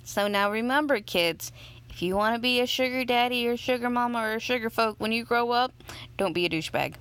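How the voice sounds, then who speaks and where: A woman's voice: on the high side, brisk, a bit bright, smooth. A woman hosting a let's play, chatting casually and teasing her friend with jokes. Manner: playful, teasing, jokey. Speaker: host. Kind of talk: casual chat while playing a mobile game.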